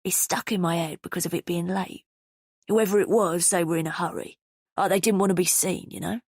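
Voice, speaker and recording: A woman voicing a wary young homeless man from East London, speaking low and raspy with an East End accent. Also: steady tone, brisk, darkish tone, no echo, clean studio sound. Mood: guarded. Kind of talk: audiobook character voice.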